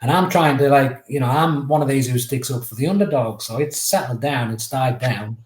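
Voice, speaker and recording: A man in his fifties, a former footballer and podcast guest, telling lively anecdotes that climb to excited retellings. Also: medium pitch, a little fast. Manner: animated, builds up to raised excited retellings. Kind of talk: anecdotal storytelling. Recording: roomy echo.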